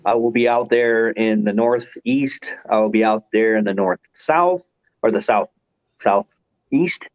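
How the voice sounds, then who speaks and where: Trucker guest, male, low voice, plain talk, muffled dry call audio. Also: a little slow, dry recording. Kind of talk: casual group chat.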